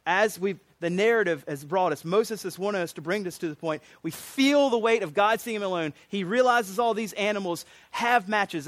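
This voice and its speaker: A man's voice: high-pitched, no room sound. A man preaching a sermon as pastor, conversational and plain-spoken.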